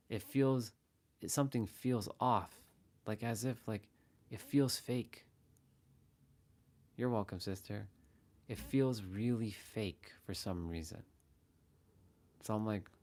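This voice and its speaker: A man's voice: on the low side, darkish tone. A man hosting a casual motivational livestream, talking earnestly and repeating phrases as he shows different ways of saying the same words. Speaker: livestream host.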